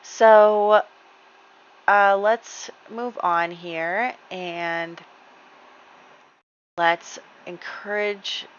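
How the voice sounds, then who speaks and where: A woman's voice: mid-range voice, fairly even intonation, very slow, long pauses, clean tone, highs cut off. A woman giving casual, rambling gameplay commentary, chatty, with lots of ums and light laughs. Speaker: gaming channel host.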